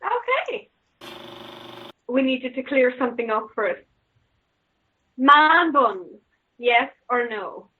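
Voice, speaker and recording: A woman's voice: high-pitched, sing-song, takes it slowly, long pauses, slightly rough. A woman hosting a podcast interview, blunt, jokey and profane in a casual chat. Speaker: podcast host. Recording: slightly muffled recording.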